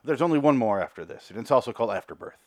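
A man's voice: mid-range voice, lively intonation, very fast, no room sound, studio quality. A man hosting a solo review podcast, recapping an episode in a rambling, profane, chatty way. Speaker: podcast host reviewing a TV series.

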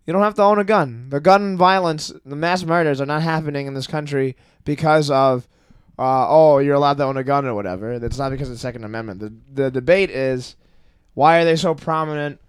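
A young man chatting on a podcast, talking in an animated, ranting way and swearing freely. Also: medium pitch, brisk, clear, resonant tone, no echo, clean studio sound. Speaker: podcast guest. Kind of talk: casual podcast chat.

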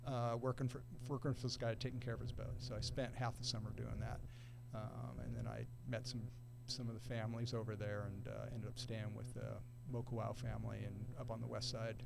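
A middle-aged man telling a long story in a relaxed, casual way, using surfer slang and acting out other people's quoted lines. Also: mid-range voice, fairly quick, creaky, hardly any pauses. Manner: laid-back surfer talk, acts out quoted voices. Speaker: podcast guest.

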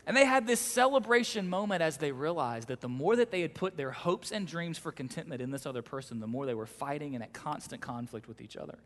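A male pastor preaching a sermon, swinging between loud, emphatic exhortation and soft, close delivery. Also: on the high side, animated, fast talker, few pauses. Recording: long hall reverb.

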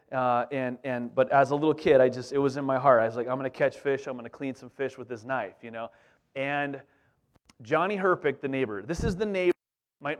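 A middle-aged man preaching as a pastor, telling a childhood story in a lively, conversational way full of asides to the congregation. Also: mid-range voice. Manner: animated, conversational, repeats "you know what I'm saying". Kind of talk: storytelling sermon.

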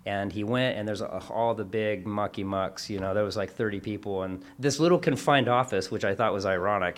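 Rambling, animated man in casual chat. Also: fairly low pitch, a little fast. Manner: rambling, animated storytelling with acted quotes and self-corrections. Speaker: workplace class instructor.

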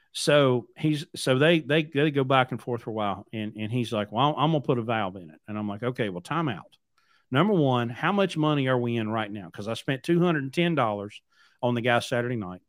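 A trucking company owner who hosts a podcast tells a long story in a blunt, rambling, casual way, repeating words. His voice is mid-range, and the studio sound is clean with no room sound.

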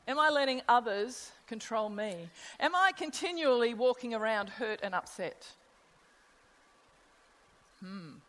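A woman's voice: high voice, fairly bright tone. Woman preaching in a reverberant hall. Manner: conversational, asks the audience rhetorical questions. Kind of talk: sermon.

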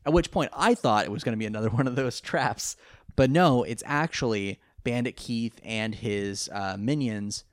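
A man's voice: medium pitch, normal speed, no room sound, clean studio sound. A man casually recapping a cartoon episode, rambling and acting out the characters' lines. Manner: rambling, animated retelling with put-on quotes. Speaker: podcast co-host recapping a cartoon. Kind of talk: casual chat.

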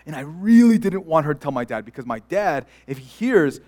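A man's voice: on the high side, big pitch swings, a little fast, darkish tone. A young adult man, a pastor, preaching a sermon in a chatty storytelling way with many fillers and restarts. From United States.

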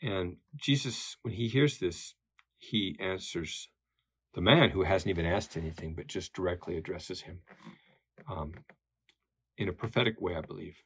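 A man's voice: low-pitched, normal speed, a bit bright, slightly rough. A man teaching a Bible study lesson in a conversational way, with many fillers and tag questions.

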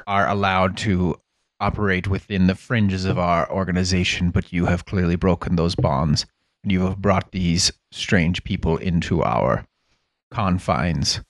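A man voicing a composed, evasive male leader of a secret order in a tabletop game, in a smooth, guarded way. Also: low-pitched, steady tone, unhurried, no echo.

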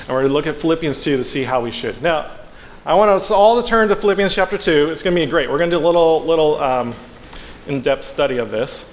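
A man's voice: a little high, quick pace. A man preaching a casual sermon, telling a story with playful asides and acting out the characters. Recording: long hall reverb, faint background noise.

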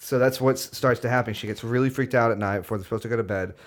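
A man's voice: mid-range voice, racing. A man co-hosting a podcast, retelling film scenes in a loose, casual way and cursing now and then. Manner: loose and casual, drops in curse words. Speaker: podcast co-host. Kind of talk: casual film-discussion chat.

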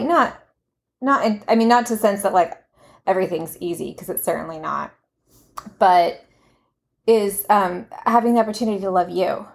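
A woman co-hosting a podcast, speaking frankly and affectionately in casual conversation. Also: on the low side. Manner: frank, affectionate, matter-of-fact. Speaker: podcast co-host.

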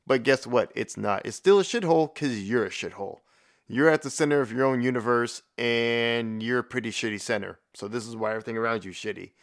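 A man giving a profane, rambling rant in blunt, casual commentary, with frequent restarts. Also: medium pitch.

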